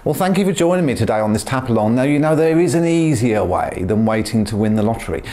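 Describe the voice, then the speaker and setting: A man leading a guided tapping visualization with slow, soothing, repetitive prompts. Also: medium pitch, expressive, mellow. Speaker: tapping practitioner.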